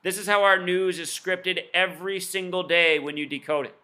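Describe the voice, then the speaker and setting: A man explaining his theories in a solo video, rattling off numbers quickly and insistently, with scornful asides. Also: high voice, steady tone, sharp tone. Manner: rapid-fire, insistent, admits talking too fast; lists numbers and codes in rapid bursts. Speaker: video commentator.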